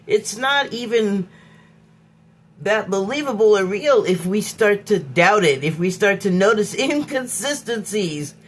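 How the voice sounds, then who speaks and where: A woman thinks aloud in a slow, unhurried solo podcast monologue. Her voice sits at an ordinary middle pitch, and she keeps pausing to hunt for words and restart her sentences, as if working her thoughts out as she goes. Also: expressive. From Hollywood, United States. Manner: halting and musing, pausing to search for words and restarting phrases. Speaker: podcast host. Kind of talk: unscripted reflective monologue.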